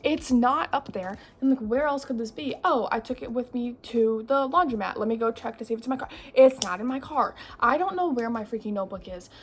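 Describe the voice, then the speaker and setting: A woman's voice: fairly high pitch, fairly quick, few pauses, slight background noise. A young woman vlogging her day in a casual, rambling, self-deprecating way. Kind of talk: casual vlog chat.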